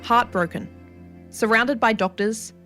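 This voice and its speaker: A woman hosting a radio segment, narrating and asking interview questions in a calm, measured way. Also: on the high side. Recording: voice over clear music.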